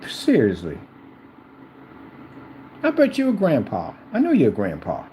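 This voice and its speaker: A man's voice: mid-range voice, wildly swooping pitch, measured pace, mellow, a little hiss or hum, poor audio. A middle-aged man ranting to camera as a vlogger, rambling and repeating himself while addressing a rival directly.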